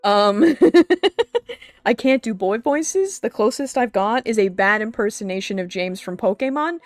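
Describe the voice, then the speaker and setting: A woman streaming live in casual chat, giggly and excitable, laughing often as she talks to her viewers. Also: medium pitch, measured pace, no echo, faint music behind.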